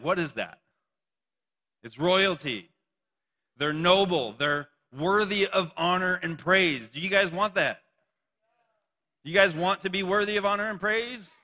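A man's voice: fairly high pitch, bright, forceful tone, long reverb tail. A young man preaching a sermon to a youth group, playful and joking between points. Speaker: youth pastor.

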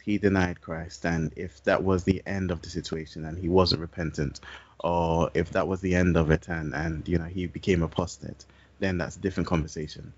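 A man co-hosting a casual podcast, calmly explaining scripture in a measured, steady way. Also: deep voice, lo-fi sound. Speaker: podcast co-host.

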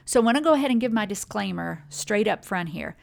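A woman hosting a motivational talk on well-being. She speaks directly and conversationally to her listeners, with a voice of middling pitch. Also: expressive, quick pace, vocal fry, a little mellow.

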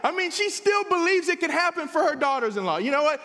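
Animated high-voiced preacher in a church. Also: male voice, quick pace, long reverb tail. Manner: conversational, animated, rhetorical questions. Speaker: pastor. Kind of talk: sermon. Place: church sanctuary.

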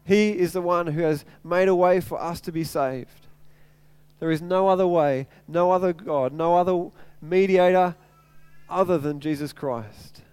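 Aussie guy preaching, earnest, keeps repeating himself, smooth clear voice, dry sound. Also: sits high, measured pace, a little mellow, dry recording. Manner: earnest, repeats phrases for emphasis. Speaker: pastor. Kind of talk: sermon.

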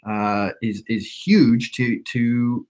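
A man's voice: mid-range voice, fairly even intonation, takes it slowly, darkish tone. A young man in his twenties talking casually as a podcast guest, reflective and rambling, with frequent restarts. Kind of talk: casual conversation.

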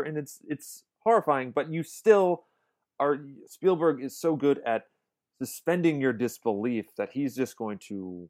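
A man's voice: medium pitch, expressive, unhurried, darkish tone. Enthusiastic man talking about movies. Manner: enthusiastic, rambling with restarts. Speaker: podcast co-host. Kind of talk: casual film discussion.

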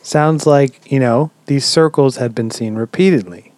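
A man hosting a podcast, telling a story in a relaxed, chatty way with lots of "um"s and casual swearing. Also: mid-range voice, a little slow, no echo. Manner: relaxed, swears freely, many "um"s. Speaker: podcast host.

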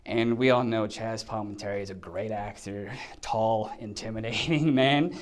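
A man telling a lively anecdote about his acting work, acting out the scenes as he goes. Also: lowish voice, normal speed. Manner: animated storytelling, acts out scenes. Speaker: actor telling a set story. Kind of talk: casual anecdote.

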